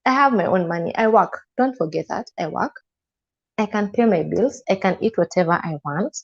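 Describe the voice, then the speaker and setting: A woman's voice: medium pitch, lively intonation, normal speed, gravelly, husky. A woman with a Kenyan accent, a guest telling her personal story in an interview and acting out the dialogue with emotion. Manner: emotional, acts out quoted dialogue. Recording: slightly dull lo-fi sound.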